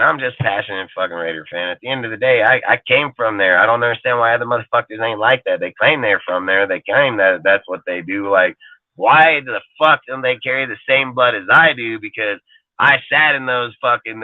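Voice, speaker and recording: A man's voice: medium pitch, no echo. A man hosting a fan show, ranting aggressively and swearing nonstop in a heated way. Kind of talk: profane fan rant. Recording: tinny phone-like audio.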